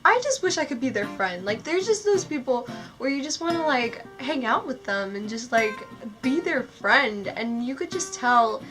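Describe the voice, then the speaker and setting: A young woman tells a story to her camera, gushing and excitable, her talk full of "like" fillers. Her voice sits a little high. Guitar music plays clearly beneath her. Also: moderate pace. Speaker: vlogger. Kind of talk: storytelling vlog. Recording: music playing under the voice.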